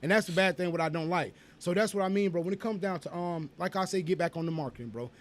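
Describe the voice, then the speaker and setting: A man, co-hosting a casual podcast in a rambling, animated and profane way, always going off on tangents. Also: high voice, quick pace. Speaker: podcast co-host.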